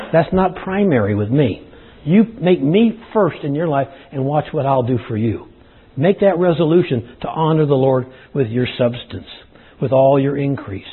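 A man's voice: fairly high pitch, breathy edge. A man preaching a sermon to his congregation, folksy and plain-spoken, addressing them as y'all, with a dry throat. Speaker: pastor. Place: church service. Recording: tinny phone-like sound.

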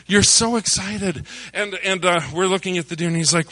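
A male preacher giving a sermon, telling a hunting story with lively bursts of excitement before turning back to scripture. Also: high voice, a little fast, no echo. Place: church service.

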